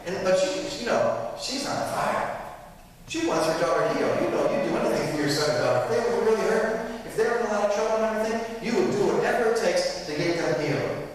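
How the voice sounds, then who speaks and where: Priest preaching conversationally in an echoey church. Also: male voice, fairly high pitch, a little hiss or hum. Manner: conversational, frequent tag questions. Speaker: pastor. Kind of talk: sermon. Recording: echoey church hall, mic from far.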